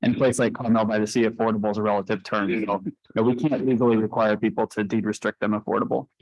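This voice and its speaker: A man on city planning staff, briskly correcting and clarifying points at a public council meeting. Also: on the low side, little pitch movement, a little mellow, no echo, dull audio.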